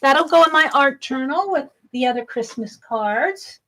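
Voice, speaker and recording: A woman's voice: high voice, expressive, measured pace, sharp tone, rough recording. A middle-aged woman chatting cheerfully while she crafts at home, thinking aloud as she works. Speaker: craft vlogger. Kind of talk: casual crafting vlog chat.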